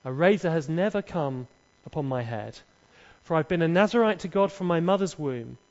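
A man preaches a sermon, dramatically telling a scripture story with acted dialogue and humorous asides. His voice is a little high, animated and a little mellow, at a normal speed. The recording is echoey and dull, made in a church hall.

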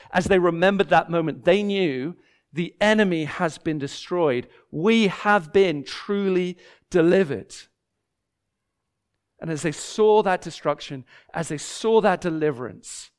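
High-voiced preacher, building by repetition. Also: male voice. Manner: builds by repeating phrases, voices imagined people in a raised pitch. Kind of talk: expository sermon.

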